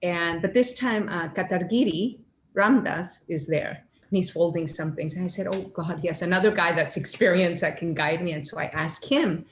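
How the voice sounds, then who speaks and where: A woman telling a personal spiritual story in an earnest, animated way, acting out her own inner voices. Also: fairly low pitch, normal speed, a little hiss or hum. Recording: echoey room with faint ambience.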